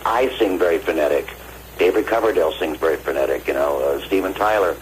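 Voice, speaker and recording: A man's voice: low-pitched, fast. An older man, a singer and producer, telling studio stories over a phone call and acting out the dialogue. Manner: animated, acts out quoted dialogue. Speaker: guest vocalist and producer. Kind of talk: phone interview storytelling. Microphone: phone line. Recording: phone call with faint noise.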